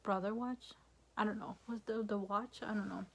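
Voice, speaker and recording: A woman's voice: mid-range voice, fairly even intonation, normal speed, gravelly, breathy edge. A young woman vlogging a casual, rambling rant, frustrated and full of fillers and swearing.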